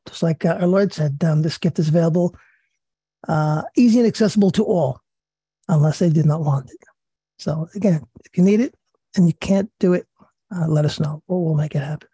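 A man with a raspy voice leading a religious study session, reading passages and commenting earnestly with fillers and repeated words. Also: fairly high pitch, brisk, warm tone, no echo. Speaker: study group leader.

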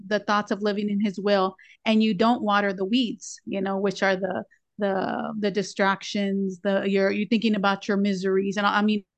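A woman speaks earnestly in a prayer group, mixing reflective musings with devotional passages she reads aloud. Her voice sits at a middle pitch and sounds dry and close, with little room sound, as if heard over a video call. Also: fairly bright tone, no echo. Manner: earnest, reflective, with frequent restarts. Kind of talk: devotional sharing and reading aloud.

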